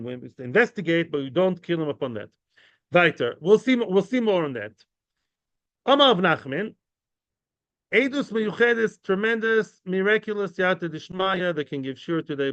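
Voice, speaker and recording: Male Talmud teacher, lively and chatty, high-pitched, dry slightly muffled sound. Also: no echo. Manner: animated, chatty, mixes English with Hebrew and Yiddish terms. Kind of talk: informal Talmud class.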